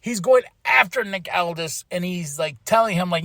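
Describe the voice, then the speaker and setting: A man hosts his own podcast and recaps a wrestling show in casual chat. His voice sits high for a man, and he sounds animated, laughing often and acting out what the wrestlers said. The sound is dry and close, with no room around it. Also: normal speed, vocal fry, few pauses, no room sound. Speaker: podcast host.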